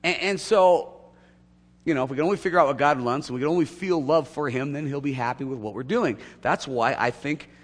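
A man preaching a sermon to his church, swinging from loud emphatic peaks to quiet asides. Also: mid-range voice, fairly quick. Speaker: pastor. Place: church sanctuary. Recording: long hall reverb.

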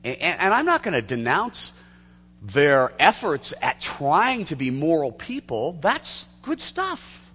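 A male pastor delivers a sermon in an animated, storytelling manner, with frequent restarts and laughter breaking in. His voice is bright and swings widely in pitch. The sound carries a long reverb, as in a large church hall. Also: slow pace, slightly rough.

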